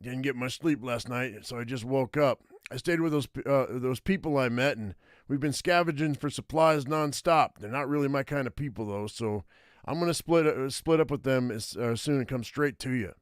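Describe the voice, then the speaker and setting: A man's voice: mid-range voice, moderate pace, clean tone, dry recording, clean studio sound, natural voice. A man reading a tired, rambling friend. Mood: weary. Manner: rambling, apologetic, with filler-laden restarts. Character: tired, hurried male friend on the phone.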